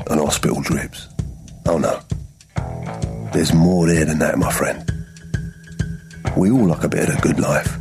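A man voicing a worldly gangster narrator, speaking a film voice-over monologue in a very deep, measured voice over guitar music. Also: heavily acted.

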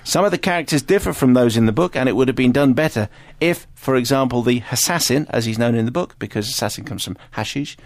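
A man hosting a radio film show, reading out listener letters in a brisk, dry manner. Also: medium pitch, no echo. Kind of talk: casual radio chat, reading listener mail.

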